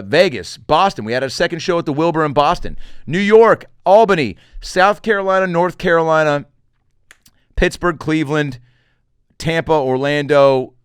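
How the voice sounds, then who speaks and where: A middle-aged male comedian hosts his podcast and rattles off stories and tour dates in a loose, joking way. His pitch swings widely as he talks. The voice is smooth and resonant, picked up close on a dry studio mic. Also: no echo. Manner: animated, joking, swearing, does quick voices for quotes. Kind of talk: casual solo podcast monologue.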